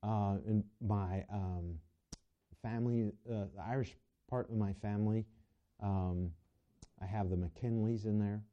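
In a dull, lo-fi recording, a male preacher speaks to his congregation in a lowish, steady voice at a slightly slow pace. He keeps asking them rhetorical questions and frequently trips over his words and starts sentences again.

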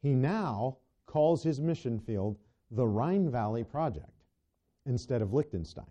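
Male preacher, sermon, very dark timbre, stumbling restarts, lo-fi church recording. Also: medium pitch, lively intonation, measured pace. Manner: asks the congregation rhetorical questions, stumbles and restarts. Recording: dull lo-fi recording.

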